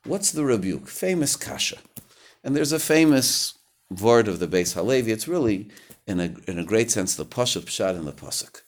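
Man, lower register, relaxed Torah lecture; stumbles and restarts, heats up on quoted lines. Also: moderate pace. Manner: conversational, searching for words, rises sharply when acting out quotes. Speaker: rabbi teaching Torah.

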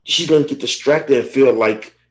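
Guy on a podcast, candid and emotional, cusses a lot, mid-pitched voice. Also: normal speed, low-quality recording. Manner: emotional, candid, swears freely. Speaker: podcast co-host. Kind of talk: casual chat.

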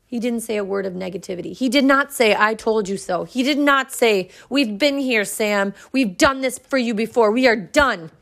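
A woman in her thirties, a podcast host, telling a personal story in an earnest, reflective way with dramatic pauses. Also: on the high side, gravelly, fairly bright tone.

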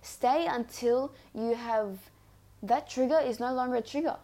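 A woman with a fairly high voice that sounds mellow and warm rather than bright. She talks listeners through self-help advice in an earnest, repetitive, coaching manner, speaking as the host of her own podcast. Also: unhurried. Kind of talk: reflective self-help monologue.

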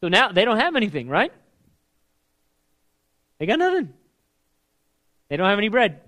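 High-voiced man preaching casually. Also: wildly swooping pitch, normal speed. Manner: conversational, emphatic, swings between loud and hushed. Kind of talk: casual sermon.

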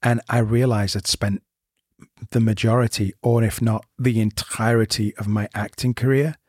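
A man's voice: on the low side, steady tone, normal speed, a little mellow, dry recording, studio quality. A man co-hosting a podcast, speaking earnestly and reflectively in casual conversation. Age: 30s. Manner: earnest, reflective, laughs easily. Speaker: podcast co-host, theatre director.

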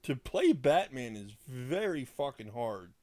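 A man's voice: mid-range voice, sing-song, measured pace, warm tone, no room sound. A man co-hosting a casual podcast, ranting indignantly with heavy swearing, recorded on a desk mic. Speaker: podcast co-host.

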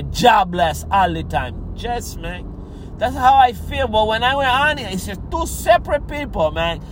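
A man hosting a comedy podcast, teasing and exclaiming in animated character chat from inside a car. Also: high voice, measured pace, slight background noise.

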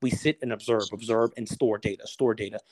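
As a guest on a podcast, this man talks with a preacher's passion in a casual motivational conversation, acting out the voices of people he quotes. His voice sits lowish and is steady, fairly quick and a little mellow.

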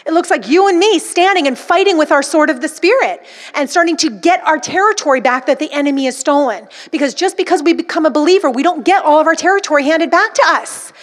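A woman's voice: high-pitched, lively intonation, quick pace. A woman preaching a sermon emphatically, acting out the voices she describes. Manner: emphatic, dramatic quoting of inner voices.

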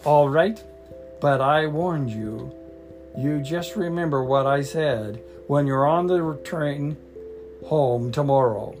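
A man's voice: fairly high pitch, takes it slowly, darkish tone. A man voicing a bossy know-it-all schoolgirl witch in a storybook reading, scolding and indignant, with faint music behind.

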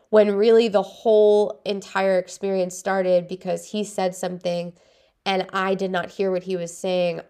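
A woman's voice: mid-range voice, a little mellow. A woman hosting a self-healing podcast, talking in an earnest, confiding way with many casual fillers and "right?" checks. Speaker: podcast host. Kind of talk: reflective solo podcast talk.

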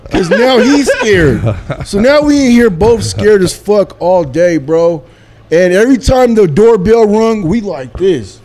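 A man, a barber, telling a story in a casual chat, slow and animated. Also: high voice.

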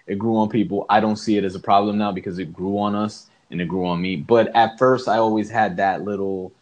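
A man co-hosting a podcast, chatting casually, often hesitant and quick to laugh. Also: fairly low pitch, steady tone, highs cut off. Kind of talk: casual chat.

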